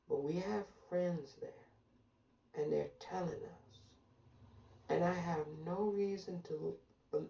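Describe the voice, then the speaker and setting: An emphatic woman speaking in a low, gravelly voice with a dark, mellow tone. She hammers her points home through repetition, stretching out the words she stresses. The recording is echoey and picked up from some distance away from the mic. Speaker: commentator. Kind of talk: casual monologue to camera. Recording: echoey room from far off.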